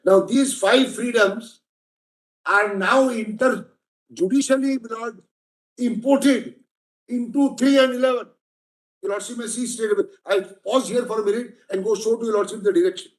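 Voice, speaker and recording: Man, Indian English accent, courtroom argument, emphatic, highish voice, echoey room. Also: normal speed. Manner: emphatic, repeatedly addressing the bench as my lord. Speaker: senior advocate arguing before the court.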